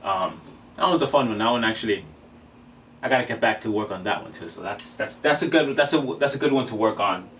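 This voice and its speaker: A man with a lowish, fairly bright voice talks briskly while teaching drum rudiments in a casual vlog, counting off beats between exercises. He's picked up by a camera mic from a distance, with faint room noise.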